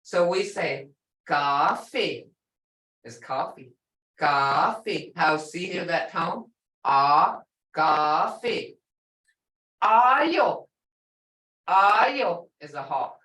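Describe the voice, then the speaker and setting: A woman's voice: sits low, expressive, fairly bright tone, reverberant, far from the mic. A woman teaching an online language class, patiently repeating and drawing out each word to show its tone. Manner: slow, patient, models words by drawing out tones. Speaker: language instructor.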